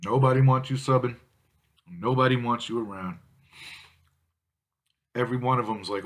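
A man's voice: mid-range voice, steady tone, moderate pace, pauses often. A man vlogging about drinking malt liquor, ranting angrily at viewers with constant swearing. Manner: angry, foul-mouthed, insulting. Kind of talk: profane ranting vlog.

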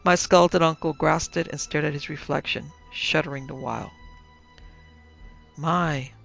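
Brief: a slightly high male voice with a rough edge, narrating a comic horror story on a lo-fi recording. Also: steady tone, fairly quick, pushed and bright. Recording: dull lo-fi with faint music.

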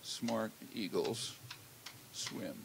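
An older man giving an academic lecture in a lecture hall, measured and halting, with many "uh" fillers. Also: fairly low pitch, gravelly, background noise. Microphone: handheld or lectern mic.

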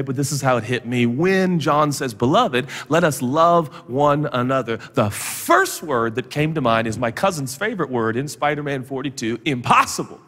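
A guest pastor preaches a sermon in a large church auditorium, his high, bright voice constantly rising and falling. His stories are packed with jokes and quick asides, and the big hall gives his words a long reverb.

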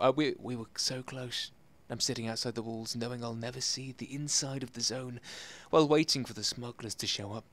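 A man doing excitable, self-mocking commentary over a video game and talking straight to his viewers. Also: mid-range voice. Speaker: gameplay commentator. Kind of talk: let's play commentary.

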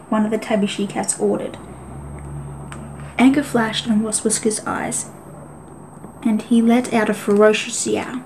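A woman narrating an audiobook in a steady, even way. Her voice sits a little high, and a faint hiss of noise runs under the reading. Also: normal speed, poor audio. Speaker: audiobook reader.

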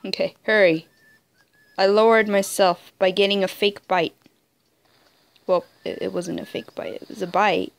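A young woman commenting on her own online game play, muttering in frustration and breaking into high squealing shouts. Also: fairly even intonation, measured pace, gravelly, pauses often, no echo. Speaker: gamer playing an online wolf game. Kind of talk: casual gameplay commentary.

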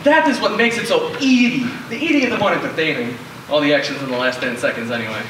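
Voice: expressive, fast talker, lightly acted. A young man playing a scheming con man who stages drownings for money, haggling theatrically on a school stage. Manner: haggling, theatrical, sweeping pitch, shouts for help. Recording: echoey stage heard from far off with hiss.

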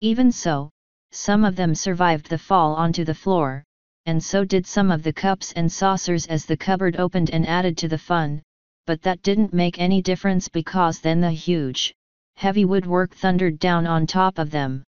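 A woman reads an audiobook aloud in a steady, lightly wry storytelling manner. Her voice is low and very clear. The recording is close and dry, with slightly dull highs. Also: normal speed, no echo. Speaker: audiobook narrator. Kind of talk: audiobook narration.

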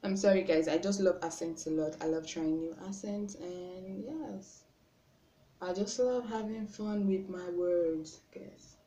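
A young Nigerian woman talks slowly and chattily as she does her makeup on camera. She is a little self-conscious and often lets her words trail off softly. The room is roomy and echoey, with a faint hiss behind her. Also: fairly low pitch, fairly even intonation. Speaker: beauty vlogger. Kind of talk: casual makeup tutorial chat. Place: room at home. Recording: roomy with faint background noise.

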